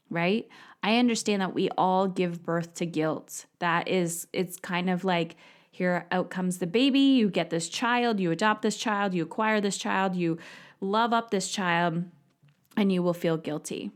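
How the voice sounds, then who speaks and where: A woman's voice: lowish voice, normal speed. A woman in her thirties hosting a solo podcast, talking bluntly and with emphasis, swearing freely as she coaches her listeners.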